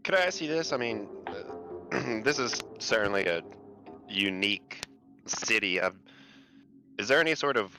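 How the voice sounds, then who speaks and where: A man's voice: sits low, bright, forceful tone. A man playing in character at a tabletop game, rambling and tentative. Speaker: player.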